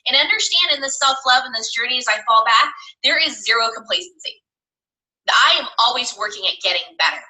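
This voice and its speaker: High bright-voiced woman, guest, super passionate and emphatic. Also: expressive, a little fast, poor audio. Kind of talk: casual chat.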